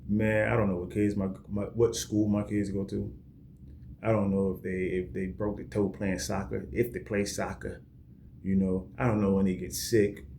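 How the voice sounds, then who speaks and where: A low-voiced man hosts a podcast and recounts his own situation plainly and reflectively. A faint noise sits underneath his voice. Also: little pitch movement, normal speed, creaky, warm tone. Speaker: podcast host. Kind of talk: casual podcast monologue.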